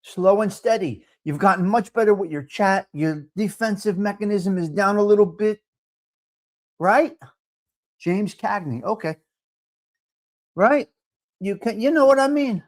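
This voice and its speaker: A man's voice: high-pitched, measured pace, pauses often. A man hosting a live stream, chatting casually and answering viewer comments in a brash, talkative way. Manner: brash, talkative, mixes in Italian phrases.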